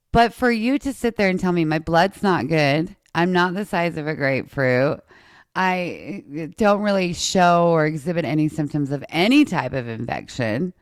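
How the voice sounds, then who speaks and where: A woman hosting a podcast, telling a personal story in casual chat with an animated, sarcastic manner. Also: on the low side, no room sound, clean studio sound. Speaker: podcast host.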